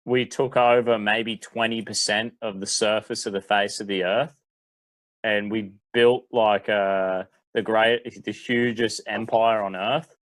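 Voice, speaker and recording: A man's voice: fairly low pitch, steady tone, unhurried, a bit bright, no echo, low-quality recording. A man from New Zealand in a casual panel debate, rambling loosely with fillers and easy laughs.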